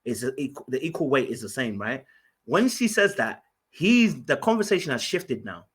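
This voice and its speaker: A man's voice: medium pitch, big pitch swings, moderate pace, fairly bright tone, breathy edge. A man hosting a podcast, telling a story in an emphatic, casual way and often restarting and repeating his words. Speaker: podcast host.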